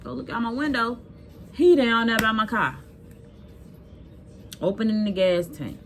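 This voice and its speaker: A mother telling viewers a personal story in a casual vlog, blunt and scolding, animated and emphatic. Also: on the high side, measured pace, slight background noise.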